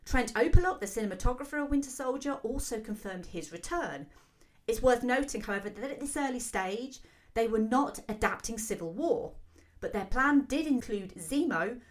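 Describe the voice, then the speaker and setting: A woman hosting a solo film commentary show, talking quickly and excitedly with frequent fillers. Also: on the high side. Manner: fast, excitable talker with many fillers. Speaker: film podcast host.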